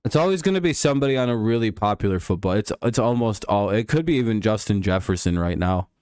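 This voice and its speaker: A man's voice: on the low side, animated, quick pace, darkish tone, clear, resonant tone, dry recording, studio quality. A man hosting a casual live stream, riffing sarcastically and swearing freely. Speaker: podcast host.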